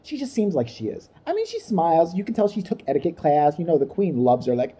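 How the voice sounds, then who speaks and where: A woman's voice: fairly low pitch, sing-song, quick pace, few pauses, warm tone, husky. A woman ranting in a crude, mocking comedic style, acting out the people she talks about. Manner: crude, mocking, acts out voices. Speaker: comedic commentator. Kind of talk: profane comedic rant.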